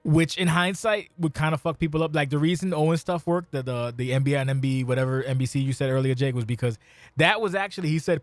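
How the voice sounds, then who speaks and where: A man's voice: fairly high pitch, quick pace, no echo. A man hosting a casual podcast chat, cursing freely and directing the order of speakers. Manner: swears freely, runs the order. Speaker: podcast host.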